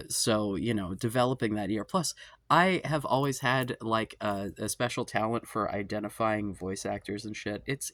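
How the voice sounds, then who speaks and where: A man's voice: fairly low pitch, fairly bright tone, no room sound, studio quality. A man in his forties hosting an advice show, talking in a casual, rambling monologue. He swears freely, makes fun of himself and keeps drifting off topic. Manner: profane, self-deprecating, tangent-prone. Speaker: advice podcast host.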